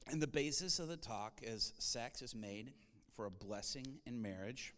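A man's voice: mid-range voice, unhurried, big-room sound. A man, a pastor, telling a story in a sermon and acting out the people in it. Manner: animated storyteller acting out quotes. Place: large church hall.

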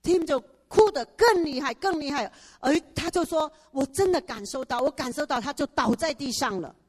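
A woman interpreting a sermon line by line, following the preacher's lively tone, in a church hall. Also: high-pitched, normal speed. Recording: echoey hall with long reverb.

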